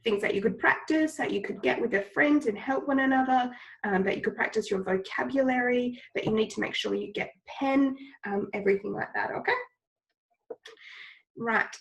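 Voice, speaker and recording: A woman's voice: fairly high pitch, moderate pace, vocal fry, lo-fi sound. A woman teacher with a cold, giving patient, step-by-step instructions in a recorded lesson and repeating the key points. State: has a cold, coughing.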